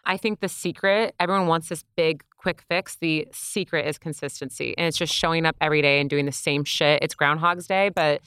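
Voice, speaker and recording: A woman speaks in a smooth, resonant, slightly low voice, emphatic and motivational as she chats casually on a podcast. The sound is dry and close, with no room around it. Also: fairly even intonation, fairly quick, few pauses, a bit bright, dry recording. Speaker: podcast guest. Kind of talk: casual chat.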